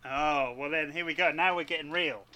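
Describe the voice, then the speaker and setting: A man co-hosting a podcast, telling animated, sweary stories in casual chat. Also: a little high, normal speed, crowd noise. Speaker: podcast co-host and player.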